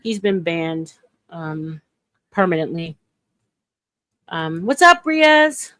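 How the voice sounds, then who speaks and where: A woman's voice: on the low side, sing-song, slow pace, fairly bright tone, dry recording. A woman in her forties from New York hosting a casual live chat, talking in a chatty way with many restarts. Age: 40s. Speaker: livestream host. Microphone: phone.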